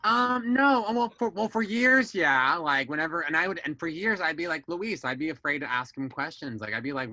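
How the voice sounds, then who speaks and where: A young man chats on a podcast in a bright, forward tone, recorded dry and close. He tells family stories candidly, swears freely and acts out his relatives' lines in a raised voice. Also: on the high side, lively intonation, a little fast, no room sound, rough recording. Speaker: guest. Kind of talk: casual podcast chat.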